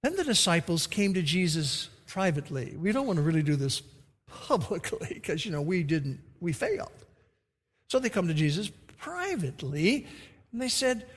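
A man's voice: high voice, sing-song, normal speed. A man preaching a sermon as pastor, emphatic, acting out the quoted lines. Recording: reverberant hall.

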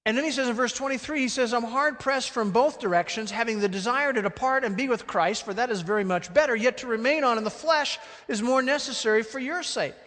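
A man preaching a sermon with animated delivery, swinging between loud emphatic peaks and hushed, low phrases. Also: fairly quick, hardly any pauses, in a large hall. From Alabama. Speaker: pastor.

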